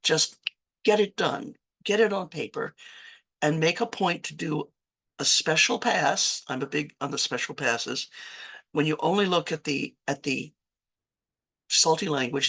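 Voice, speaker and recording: This writing instructor from Virginia has a low voice that's a bit bright with a breathy edge. She lectures conversationally at a writing workshop, frequently fixing her sentences midway and adding chatty asides.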